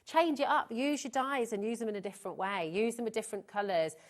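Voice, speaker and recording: Brief: woman, TV shopping presenter, gushing and upbeat, mid-pitched voice. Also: lively intonation, fast talker. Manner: gushing, enthusiastic sales patter. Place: TV studio.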